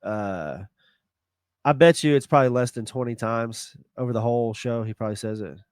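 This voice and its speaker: A man co-hosting a podcast, explaining things in a halting, restarting way during casual chat. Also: medium pitch, a little mellow, clean tone, no room sound, clean studio sound. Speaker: podcast co-host.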